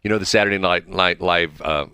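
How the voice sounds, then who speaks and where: A man's voice: deep voice, steady tone, a little fast, bright, forceful tone, smooth, no echo, studio quality. A man co-hosting a talk show, ranting and joking in casual banter and laughing often. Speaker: podcast co-host.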